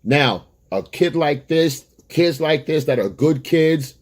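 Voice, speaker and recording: A man's voice: a little high, lively intonation, takes it slowly. A man giving dating advice straight to camera, blunt and emphatic, lecturing and repeating his points. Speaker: dating coach. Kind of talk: direct-to-camera advice monologue.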